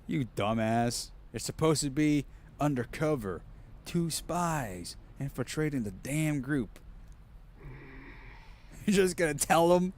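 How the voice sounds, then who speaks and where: A man's voice: a little high, lively intonation, takes it slowly, long pauses. A man giving casual, rambling gameplay commentary as a streamer, joking and swearing freely.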